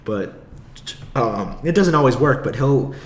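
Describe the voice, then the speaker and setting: Young man, casual podcast ramble, swears a lot, laughs often, average pitch, roomy echo. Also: expressive, measured pace. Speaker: aspiring stand-up comic. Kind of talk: casual solo podcast monologue.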